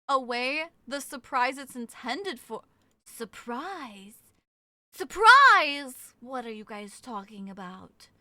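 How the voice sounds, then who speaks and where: A woman's voice: high-pitched, sharp tone, no room sound. A woman streamer chatting casually with her viewers, playful and teasing as she reads their messages aloud.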